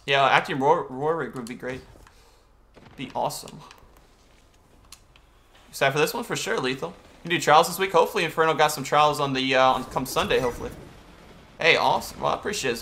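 A man's voice: medium pitch, sharp tone. A young man streaming a video game, chatting casually and greeting viewers and answering chat as he plays.

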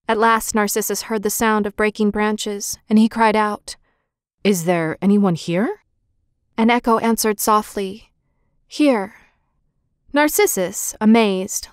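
Gentle woman reading a myth aloud. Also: a little high, dry recording, studio quality. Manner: measured, gentle storytelling. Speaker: audiobook narrator. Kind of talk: scripted storybook narration.

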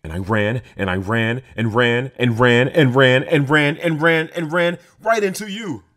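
A man's voice: lowish voice, expressive, moderate pace, a little mellow, voice pushed up. A man voicing a small, lost human girl who tells her story eagerly. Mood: excited.

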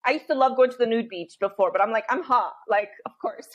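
High-voiced animated woman telling stories. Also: fast, hardly any pauses. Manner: animated storytelling, frequent laughter and quoted inner voice. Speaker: podcast guest. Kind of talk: candid podcast conversation.

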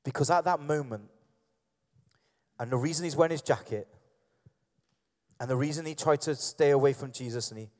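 A man preaching a sermon in a church, building up with repeated phrases and acting out the characters' dialogue. His voice sits at a middle pitch for a man, carried by a long hall reverb. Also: a little mellow.

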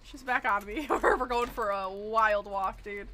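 A woman's voice: medium pitch, measured pace, a little hiss or hum. A woman streaming a horror game at a desk microphone, chatting casually and breaking into laughs and shrieks. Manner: excitable, laughs and shrieks often. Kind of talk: casual live-stream chat.

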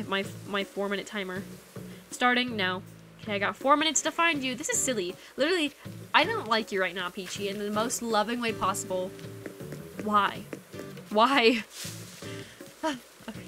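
A woman streaming a video game, chatting casually with viewers in a playful, teasing way. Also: medium pitch. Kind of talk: casual live-stream chat while playing a game. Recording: game music playing behind the voice. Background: video game background music.

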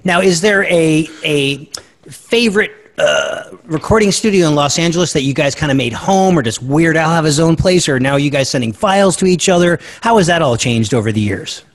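A man hosting a podcast interview over a video call, asking questions and throwing in quick joking remarks. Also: a little high, expressive. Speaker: podcast host. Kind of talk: casual interview.

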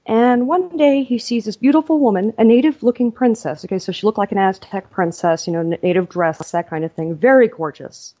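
A woman author, a podcast guest, telling a story in a lively, casual way. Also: mid-range voice, brisk, hardly any pauses, highs cut off.

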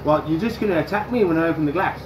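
A man with a fairly high voice hosts a reptile-keeping vlog indoors among his tanks. He chats casually and coaxes the animals in a playful sing-song. Faint background noise sits under his voice. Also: very fast. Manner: chatty, talks to the animals in a coaxing sing-song. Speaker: reptile keeper and channel host.

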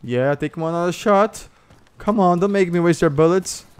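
A man's voice: high-pitched, normal speed, smooth. A man with a Brazilian Portuguese accent, a gamer giving orders and mocking other players in voice chat, swearing as he goes. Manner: commanding, mocking, swears and laughs. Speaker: gamer streamer. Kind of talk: gameplay voice chat.

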